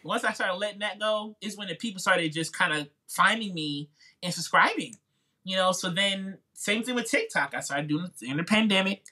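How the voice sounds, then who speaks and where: Speaking at a normal speed, a man with a high, sharp, slightly rough voice tells his story in a casual interview. He's a music YouTuber with a Midwestern American twang, chatting informally as a podcast guest and leaning on "like" and "you know." He's talkative and acts out quoted voices.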